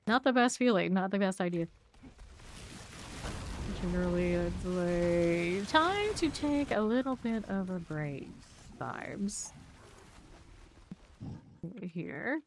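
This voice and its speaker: There's a bit of background noise as a woman with a lowish voice streams her gameplay. She keeps up a casual, chatty back-and-forth, reading chat aloud and replying, with quick asides and muttered item names while she loots.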